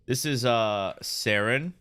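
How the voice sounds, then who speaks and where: A man streaming a game chats with viewers in a slow, easy drawl, cracking jokes, restarting sentences, and saying "guys" a lot. His ordinary-pitched voice is dry, close-miked, pushed and bright, clear and resonant, with no room sound.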